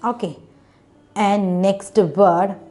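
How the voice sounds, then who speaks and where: Slow, patient woman teaching phonics. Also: medium pitch, fairly even intonation, dark tone. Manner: slow, patient, spells letters out one by one; non-native English phrasing, keeps asking "isn't it?". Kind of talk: classroom phonics lesson.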